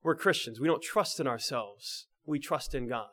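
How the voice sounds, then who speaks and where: A man preaching a sermon in a conversational way, often checking in with the listeners and restarting phrases, moving between emphatic lines and quiet, low ones. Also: moderate pace. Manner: restarts and repeats words mid-phrase.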